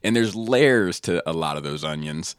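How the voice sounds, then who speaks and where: A man's voice: low-pitched, animated, moderate pace, clear, resonant tone, dry recording, clean studio sound. A man in his thirties hosting a podcast, telling a long rambling party story full of fillers and swearing. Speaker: podcast host. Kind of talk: casual podcast chat.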